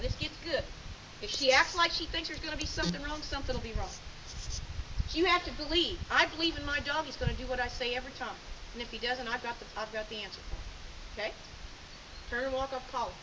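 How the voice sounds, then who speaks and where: A woman's voice: sits high, noisy background. A woman teaching a sheepdog handling lesson outdoors in a field, talking in a folksy, direct way and giving short commands. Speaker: sheepdog training instructor. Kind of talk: hands-on coaching lesson.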